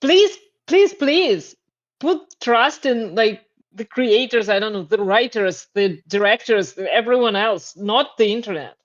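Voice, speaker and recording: A woman's voice: medium pitch, unhurried, few pauses. A woman co-hosting a podcast, speaking bluntly and dismissively in casual chat. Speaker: podcast co-host. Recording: dull lo-fi sound.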